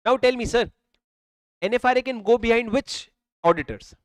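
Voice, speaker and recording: High-voiced Indian man lecturing emphatically. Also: normal speed, no echo, rough recording. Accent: Indian English. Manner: emphatic, repetitive, addresses students as sir. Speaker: accountancy law teacher. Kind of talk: classroom lecture. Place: classroom with students. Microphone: handheld or worn mic.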